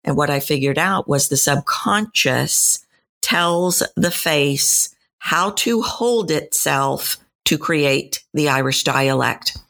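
Texan woman, 50s, low register, lively storyteller, podcast guest. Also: slow, vocal fry. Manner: animated storyteller, acts out quoted voices. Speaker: voice and dialect coach. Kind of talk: podcast interview answers.

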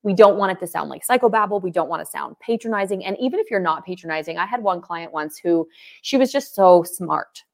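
Gravelly-voiced woman coaching couples. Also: on the low side, a little fast. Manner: animated, acts out example phrases. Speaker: podcast co-host, marriage coach. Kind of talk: casual podcast chat.

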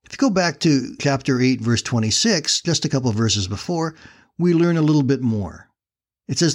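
A man's voice: medium pitch, lively intonation, moderate pace. Earnest man telling a sermon story. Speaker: preacher.

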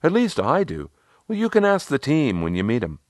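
A man's voice: mid-range voice, huge pitch swings, normal speed, a little mellow, no echo, clean studio sound, voice pushed up. A man voicing a proud, chatty male team leader who talks enthusiastically about his team. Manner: enthusiastic, boastful storytelling.

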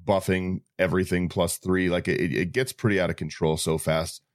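Man, very low voice, dry close mic, casual podcast chat, stop-start phrasing. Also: level tone, no echo. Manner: halting, repeats words, talks through game strategy. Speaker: podcast co-host. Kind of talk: casual group chat about a card deck.

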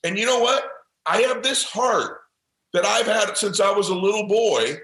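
A man's voice: sits high, moderate pace, fairly bright tone, reverberant, low-quality recording. A middle-aged man and podcast guest, telling a personal story in an intense, passionate and earnest way. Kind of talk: motivational storytelling.

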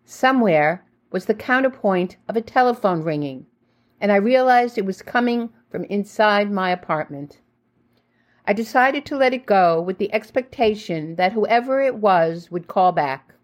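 A woman reading her own memoir in the first person, with measured, reflective storytelling. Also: mid-range voice, expressive. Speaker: memoir narrator.

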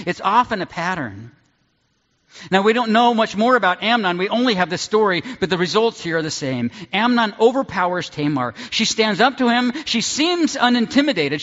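A man preaching a sermon and reading scripture aloud, earnest and deliberate, dropping low on key words. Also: fairly bright tone. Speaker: pastor. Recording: dull sound in a large reverberant hall.

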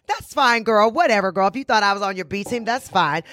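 A woman's voice: mid-range voice, animated, fairly quick, fairly bright tone, dry recording, studio quality. A woman podcast host talking in a blunt, sassy, emphatic way, repeating phrases for punch. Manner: blunt, boastful self-talk. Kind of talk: casual monologue.

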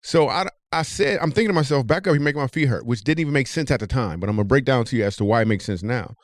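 A man hosting a podcast, telling a comic story with animated delivery. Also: fast talker, no room sound, studio quality. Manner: animated, jumps high when telling the punchline. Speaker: comedian and podcast host.

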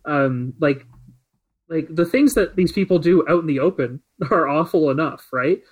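A man co-hosting a relaxed podcast chat, voice sitting a little high for a man. He rambles through his points and stuffs them with filler words. His tone is loose and conversational. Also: normal speed, breathy edge, lo-fi sound. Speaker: podcast co-host. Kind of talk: casual chat.

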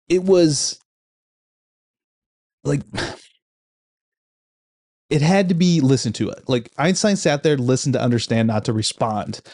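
A man's voice: mid-range voice, darkish tone. A man casually reviewing a book, reflective and conversational, often restarting his sentences.

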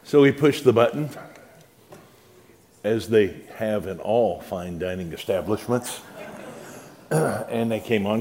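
A man's voice: fairly low pitch, lively intonation, takes it slowly, long pauses, darkish tone. Dry, sarcastic male storyteller. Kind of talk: humorous personal anecdote.

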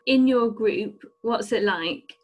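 A woman's voice: on the high side, takes it slowly, darkish tone. A woman host interviewing a guest, asking friendly and enthusiastic questions. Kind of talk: casual interview.

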